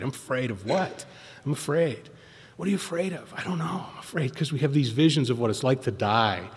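A man's voice: mid-range voice, breathy edge. A middle-aged man telling his own story at a meeting, rambling and acting out what others said. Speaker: speaker at a recovery meeting. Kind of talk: personal testimony at a meeting. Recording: long reverb of a hall.

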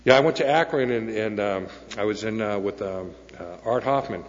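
A man's voice: on the low side, moderate pace. A man sharing a personal story at a recovery meeting, earnest and peppered with "okay?" and "right?". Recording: dull sound with long hall echo.

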